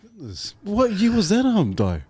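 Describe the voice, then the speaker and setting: A man's voice: high voice, huge pitch swings, measured pace, a little mellow, slightly rough, no echo. A man, hosting a casual interview and reacting with brief interjections. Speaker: podcast host.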